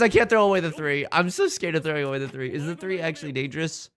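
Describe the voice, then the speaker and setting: A young man giving casual gameplay commentary as a let's play host, swinging between fretting mutters and excited outbursts. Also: a little high, fast, hardly any pauses, soft background music.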